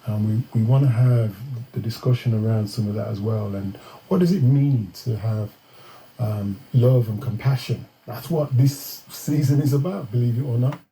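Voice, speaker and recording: A man's voice: medium pitch, normal speed, dark tone, a little hiss or hum, low-quality recording. A man talking about faith on the radio in a reflective, hesitant way with many ums.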